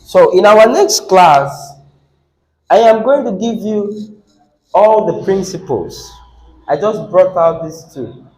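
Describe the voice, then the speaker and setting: A man's voice: high voice, expressive, takes it slowly, long pauses, darkish tone. A man teaching an English class on word stress, asking students questions and repeating words with the stress moved around. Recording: echoey classroom.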